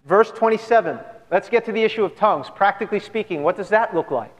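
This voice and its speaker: A man's voice: high voice, fast talker, dull audio. A man pastor giving an earnest, conversational sermon full of rhetorical questions to his church. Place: church sanctuary. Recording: long church hall reverb.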